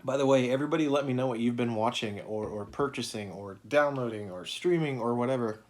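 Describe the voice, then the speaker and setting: A man's voice: medium pitch, brisk, darkish tone. A man hosting a casual video review of his movie collection, rambling with many fillers and frequent swearing. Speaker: video host.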